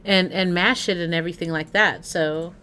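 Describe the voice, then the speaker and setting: A woman streamer with a bright, forward voice chats loosely with her audience. She rambles from thought to thought and keeps turning to talk to the viewers directly. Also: on the low side, fairly even intonation, normal speed. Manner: rambling, chatty, addresses chat directly. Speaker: livestreamer. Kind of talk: casual stream chat.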